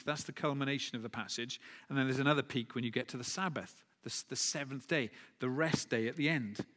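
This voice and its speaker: A man with a mid-range, fairly bright voice delivers a sermon conversationally, correcting himself and making asides. The recording carries long hall reverb.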